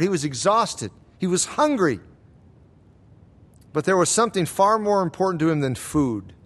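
A man preaching an expository sermon, earnest and emphatic, slowing down to read scripture quotes deliberately. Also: high voice. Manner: earnest, emphatic, rising on key phrases.

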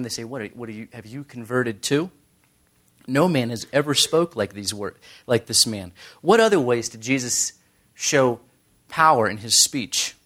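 A man's voice: mid-range voice, a bit bright. Joking man teaching a Bible study. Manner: joking asides, conversational, quotes scripture. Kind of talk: sermon-style Bible teaching.

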